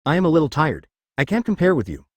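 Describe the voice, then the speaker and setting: Friendly teasing young female ninja medic voiced by a synthetic man, dry, lively audiobook voice. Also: a little high, quick pace, no room sound, voice pushed up.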